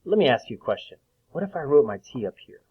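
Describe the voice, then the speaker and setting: A man teaching a phonics lesson to young children, patiently drawing out each sound and clearing his throat now and then. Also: medium pitch, big pitch swings. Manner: slow, patient, drawn-out sounds. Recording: tinny phone-like recording.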